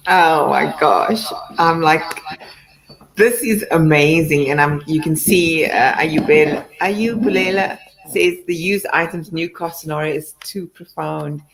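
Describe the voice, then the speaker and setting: A woman's voice: low-pitched, unhurried, gravelly, rough recording. A woman hosting an interview, reflective and affirming. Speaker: host. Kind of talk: conversational interview.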